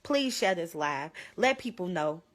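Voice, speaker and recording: A young woman livestreaming about her own illness pleads urgently into her phone, at times holding back tears. Her voice is lowish and animated, her pace measured.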